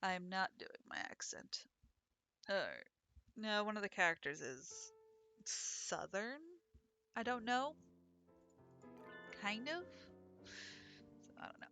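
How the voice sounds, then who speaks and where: A woman's voice: mid-range voice, expressive, slow pace, long pauses, bright, forceful tone, dry recording, soft background music. A woman hosting a let's-play, reading a visual novel aloud in a chatty, playful way.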